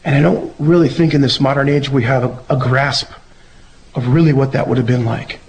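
A man giving a relaxed, conversational sermon who acts out the voices he quotes. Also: medium pitch, moderate pace, rough recording. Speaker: preacher. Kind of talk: casual sermon.

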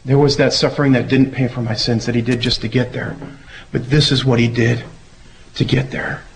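A man giving a relaxed, conversational sermon who acts out the voices he quotes. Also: mid-range voice, moderate pace, gravelly, a little hiss or hum, low-quality recording. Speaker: preacher. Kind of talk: casual sermon.

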